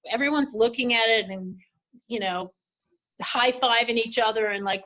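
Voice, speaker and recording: A woman's voice: a little high, normal speed. A woman running an apparel company, telling business stories in a conversational interview and acting out quoted voices along the way. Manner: animated anecdotes with lively quoted voices. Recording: dull lo-fi audio.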